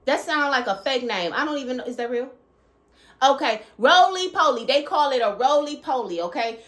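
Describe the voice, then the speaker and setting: Woman preaching her spiritual message on her channel, keeps saying okay, a bit high-voiced, echoey room. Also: lively intonation, moderate pace, fairly bright tone. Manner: emphatic, keeps checking in with "okay?"; repeats phrases for emphasis. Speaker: channel host.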